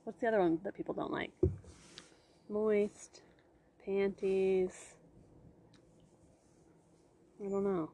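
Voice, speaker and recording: A woman's voice: medium pitch, fairly even intonation, unhurried, mellow. A young woman chatting casually as a podcast co-host, frank and fond of swearing, with "like" in every other phrase. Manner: frank, swears freely, lots of "like". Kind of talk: casual chat.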